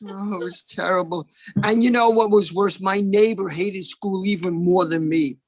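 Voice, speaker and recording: A man telling deadpan stand-up one-liners over a video call at an open mic. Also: high-pitched, moderate pace, dry recording.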